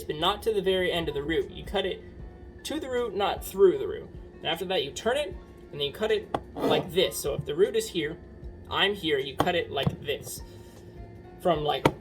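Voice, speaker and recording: A young man casually talking through a home cooking video, rambling and joking with plenty of swearing. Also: a little high. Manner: rambling, jokey, swears a lot.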